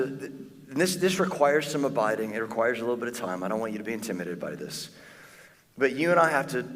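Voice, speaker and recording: A male pastor preaching a sermon in a conversational, animated way, acting out quick asides to the congregation. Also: mid-range voice. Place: church auditorium. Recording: long church hall reverb.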